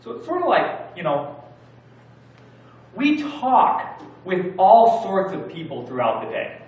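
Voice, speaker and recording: A man's voice: high-pitched, very animated, slow pace, darkish tone. Male preacher, chatty storytelling sermon, distant mic in a very reverberant church. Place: church sanctuary. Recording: very echoey church hall from far off.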